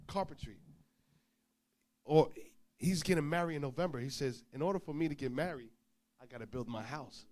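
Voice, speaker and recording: Animated high-voiced male preacher. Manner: animated storyteller, acts out dialogue, swings loud and soft. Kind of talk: informal sermon storytelling.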